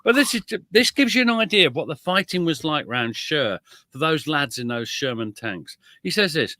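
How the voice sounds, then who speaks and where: British guy chatting about history, bouncy pitch, dry close mic. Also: moderate pace, no echo. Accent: British English. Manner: lively, chuckling, self-deprecating asides. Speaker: guest author and historian. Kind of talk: animated conversational storytelling.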